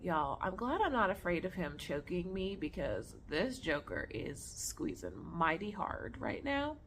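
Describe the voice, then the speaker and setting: Young woman vlogger, animated storyteller, home recording with faint hiss. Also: fairly low pitch, unhurried. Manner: animated, chatty, addresses viewers as y'all. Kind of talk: casual storytelling vlog. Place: at home on the floor with her snake.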